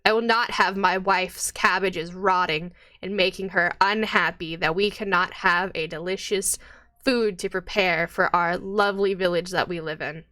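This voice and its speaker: A woman voicing a gruff, blunt male ogre villager who mutters threats at people. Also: lowish voice, fairly even intonation, sharp tone, no room sound, pitched below the performer's own voice. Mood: threatening. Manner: blunt, halting speech.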